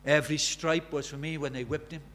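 An older man preaching an evangelistic sermon, impassioned, dropping to a hush and then rising loud. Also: a little high, steady tone, fairly quick, a little hiss or hum. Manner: impassioned, swings from hushed to loud.

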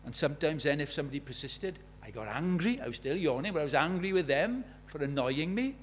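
A man preaching a sermon in a church, emphatic, asking rhetorical questions and swinging from loud to hushed. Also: on the high side, lively intonation, fast, a little hiss or hum.

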